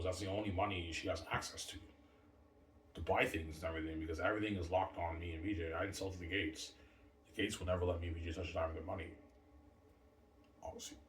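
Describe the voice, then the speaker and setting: A middle-aged male vlogger with a deep voice rambles through a repetitive monologue, circling back to the same points and often saying "man." The audio carries a faint hiss or hum, and a distant mic gives it a roomy echo.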